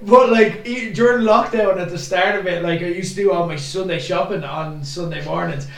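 A man's voice: high voice, normal speed, vocal fry, a bit bright. A man co-hosting a podcast, rambling and giggling through a casual story. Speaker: podcast co-host. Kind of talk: casual chat. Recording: echoey room, distant mic.

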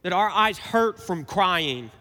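Bright-voiced male pastor preaching in a hall. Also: sits high, lively intonation, slow. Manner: conversational preaching with rhetorical questions. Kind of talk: sermon.

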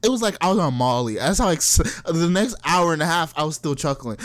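A young man, a software developer, telling a work story in casual chat. He is animated and profane, laughs often and acts out the people he quotes. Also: a little high, fairly quick, few pauses, a crowd in the background. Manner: animated, laughs often, breaks into cackles mid-sentence.

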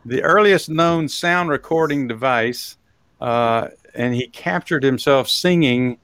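A man's voice: mid-range voice, slow pace, a bit bright, clear, resonant tone, dry recording, clean studio sound. A man with a Texan accent hosting a casual talk show, rambling with many fillers and frequent chuckles. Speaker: host. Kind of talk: casual podcast chat.

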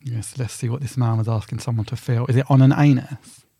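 Gravelly man, teasing and bawdy. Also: medium pitch, steady tone, fairly quick, dark tone, no room sound, clean studio sound. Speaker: podcast guest. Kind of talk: casual chat.

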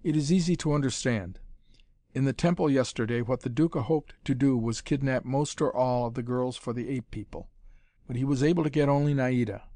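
Guy reading grim young adventurer, steady explaining, mid pitch, dry sound. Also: brisk, dry recording, natural voice.

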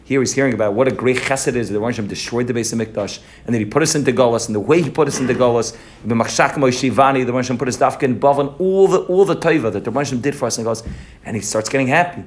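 A man giving an animated sermon with storytelling, emphatic and repetitive. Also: mid-range voice, rapid-fire, slight background noise. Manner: animated and emphatic, repeating phrases. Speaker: rabbi giving a pre-holiday talk.

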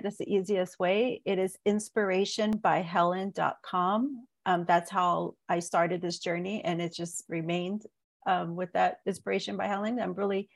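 A woman in her forties, a guest on a wellness talk show, sharing her personal healing story in an earnest, halting way with many restarts. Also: on the low side, vocal fry. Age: 40s. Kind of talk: podcast interview, personal story.

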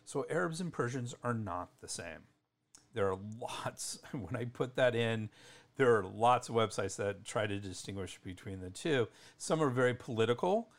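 A man's voice: mid-range voice, lively intonation, moderate pace. A middle-aged man hosting a solo educational podcast, talking casually and correcting himself as he goes. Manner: casual, chatty, self-correcting. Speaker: podcast host.

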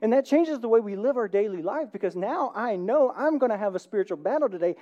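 A man's voice: high voice, lively intonation, fast, highs cut off. A man preaching a sermon as a pastor, talking in a conversational way and often checking in with "right?". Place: church.

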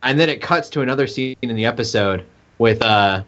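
A man's voice: medium pitch, fairly quick, fairly bright tone, dull audio, a little hiss or hum. A man chatting casually on a podcast and telling a story in a rambling way, full of "like" and "um". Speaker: podcast co-host. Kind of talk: casual chat.

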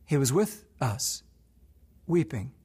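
A male pastor preaching a sermon, moving between soft, hushed prayer and rising, impassioned emphasis. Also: mid-range voice, big pitch swings, slow pace, slightly rough.

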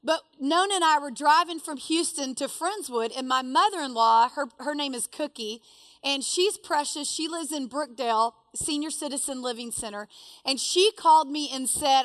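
A woman telling a personal story to a live audience, animated and self-deprecating. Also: sits high, moderate pace, no echo.

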